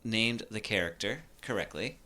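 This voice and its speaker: Teasing low-voiced podcast host man. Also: pushed and bright. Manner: joking, teasing, quick asides. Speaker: podcast host running a game. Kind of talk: casual podcast banter.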